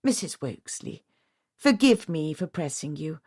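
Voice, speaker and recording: Woman reading a housekeeper, quiet, tactful, measured, low voice, dry. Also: big pitch swings, heavily acted. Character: discreet, tactful female housekeeper sleuth.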